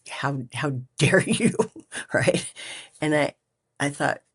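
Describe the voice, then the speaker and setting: Slow, gravelly woman telling her story. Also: a bass voice. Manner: halting, reflective, many pauses and restarts. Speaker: guest. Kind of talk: personal storytelling.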